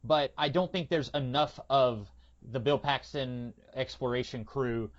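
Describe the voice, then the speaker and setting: Brief: male podcast host, mid-pitched, rambling and opinionated, slightly dull lo-fi audio. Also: a little slow. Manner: rambling, opinionated, frequent hesitations. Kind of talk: casual movie discussion.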